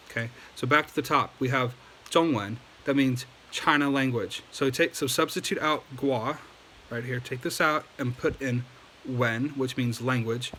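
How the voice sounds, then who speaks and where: Bright-voiced man teaching a casual lesson. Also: mid-range voice, slight background noise, low-quality recording. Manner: patient, repeats okay after each point. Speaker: Chinese language teacher. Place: home at night.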